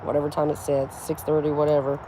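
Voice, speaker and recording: A woman's voice: low-pitched, completely flat delivery, fast talker, warm tone, a little hiss or hum. A middle-aged woman from the United States vlogging outdoors at home, telling a story casually, laughing often and swearing freely. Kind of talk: casual storytelling chat to camera.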